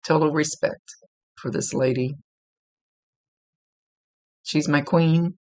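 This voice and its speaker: A psychic medium gives a relaxed, conversational reading, chatty and quick to laugh, often correcting himself mid-sentence. His voice sits on the high side, and he speaks slowly.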